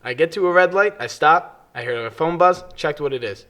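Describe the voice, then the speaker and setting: A young man co-hosting a podcast in casual chat, telling stories with lively energy and yelling when quoting others. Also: a little high, a little fast. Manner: animated storytelling, yells when quoting others. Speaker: podcast co-host. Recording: clipping on loud moments.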